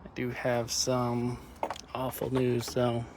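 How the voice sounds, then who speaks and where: A man's voice: medium pitch, monotone, slow pace. A man filming his own mechanic work vlog, talking plainly and thinking aloud as he works outdoors in a yard. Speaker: mechanic vlogger. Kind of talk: casual self-filmed work vlog. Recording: noisy outdoor ambience.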